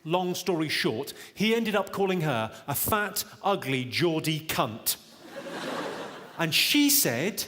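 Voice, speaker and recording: A male stand-up comedian with a fairly high voice delivers wry, punchline-driven jokes and teases the crowd. He is on a stage mic in a big reverberant hall. Loud audience laughter fills the gaps between lines. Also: sing-song, slow pace, long pauses, heavy background noise. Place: large theatre venue with a live audience.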